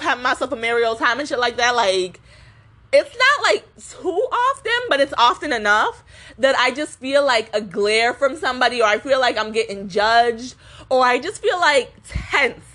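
A woman's voice: on the high side, a little fast, bright, forceful tone. A young woman vlogging a casual rant full of cursing and fillers, laughing often between sentences. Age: young adult. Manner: swearing, rambling with many fillers; laughs often while talking.

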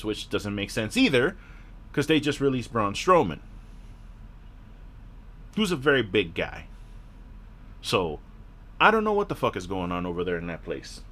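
A man's voice: on the low side, sing-song, unhurried, pauses often, a bit bright, slight background noise. A man hosting a podcast, ranting in a frustrated, profane, rambling way with a sore throat. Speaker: podcast host.

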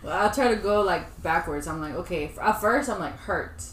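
A woman hosting a casual podcast chat, talkative and animated, laughing easily. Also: fairly low pitch, moderate pace. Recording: echoey room, faint hiss.

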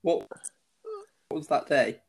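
A man co-hosting a casual podcast, dropping dry deadpan quips. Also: a little slow. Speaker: podcast co-host. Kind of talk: casual chat.

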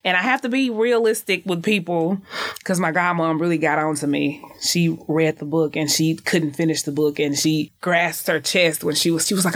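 A woman's voice: deep voice, normal speed, no room sound. Frank woman in her thirties, dry sound. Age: 30s. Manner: frank, lively, often acting out others' voices. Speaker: author being interviewed. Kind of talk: candid conversational storytelling.

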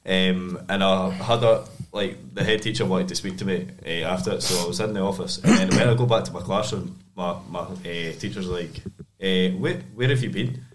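A young Scottish man telling a school story on a casual podcast, animated and sweary. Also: sits low, moderate pace, a little hiss or hum, poor audio. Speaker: podcast co-host.

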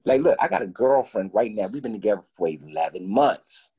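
Gravelly man telling a lively profane story. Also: on the low side, fairly quick, muffled recording. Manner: animated, profane, acts out both sides of conversations. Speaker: guest. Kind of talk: casual storytelling.

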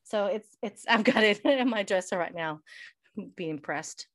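A woman's voice: mid-range voice, expressive, measured pace, a bit bright, no echo, clean studio sound. A woman co-hosting a podcast, telling a rambling anecdote in casual chat and acting out what people said. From Texas. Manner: rambling anecdote with acted-out quotes. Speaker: podcast co-host.

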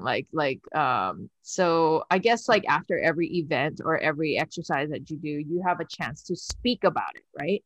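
Lively, laughing woman telling a story. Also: on the low side, normal speed, no echo. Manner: animated, laughing, swears freely. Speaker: podcast host. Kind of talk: casual podcast storytelling.

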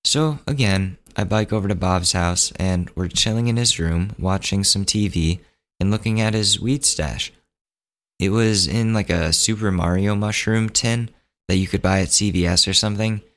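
Deep-voiced man telling a story casually. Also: normal speed, a bit bright. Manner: laid-back, joking, chatty. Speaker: podcast host.

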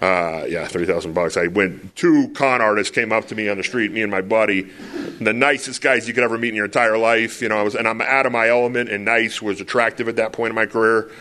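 A man's voice: on the low side, quick pace, bright, forceful tone. A man giving a candid, joking talk about his past to a crowd at a retreat, telling stories with rambling asides. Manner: self-deprecating, joking, storytelling with rambling asides. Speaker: speaker at a recovery retreat.

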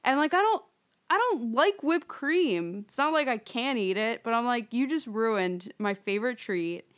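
Chatty woman with a smooth, higher voice. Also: lively intonation, normal speed. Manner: chatty storyteller, laughs often, fillers like "like". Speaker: podcast co-host. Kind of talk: casual chat.

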